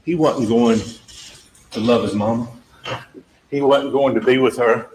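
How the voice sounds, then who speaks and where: A man's voice: mid-range voice, fairly even intonation, unhurried, darkish tone. Emphatic man arguing to a jury. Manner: emphatic, repetitive, talks directly to jurors, acts out witness exchanges. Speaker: trial attorney addressing a jury. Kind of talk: courtroom closing argument. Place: courtroom. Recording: echoey courtroom audio with faint background noise.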